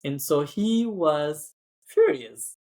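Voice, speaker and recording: A man's voice: on the high side, expressive, drawn-out words, darkish tone. A man who works as cabin crew, telling a story in a chatty podcast style, full of "like" and acted-out voices. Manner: chatty, acts out quoted voices, frequent "like".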